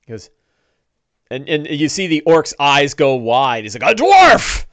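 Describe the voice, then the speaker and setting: A middle-aged man narrating a one-on-one tabletop game as dungeon master, with a relaxed, rambling manner full of fillers and restarts. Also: mid-range voice, a little slow, no room sound.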